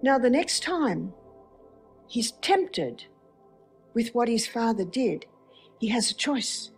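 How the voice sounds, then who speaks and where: Expressive woman lecturer, higher voice. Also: slow pace, soft background music. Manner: expressive storytelling with rhetorical questions. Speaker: speaker. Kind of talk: faith-based lecture.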